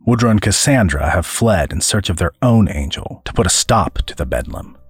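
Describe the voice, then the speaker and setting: A man hosting and narrating a serialized story with an expressive, dramatic reading. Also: low voice, moderate pace, breathy edge, no room sound, studio quality. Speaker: podcast host and narrator.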